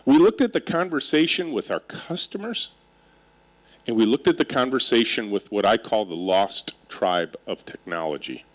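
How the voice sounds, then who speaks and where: A middle-aged man delivers a keynote to a live audience, his pitch leaping up and down as he tells stories. He speaks at a medium pitch with wry, self-mocking humor and keeps pulling the crowd in with questions. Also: moderate pace. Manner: animated storytelling with audience interaction. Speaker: keynote speaker and company leader. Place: stage before a live audience.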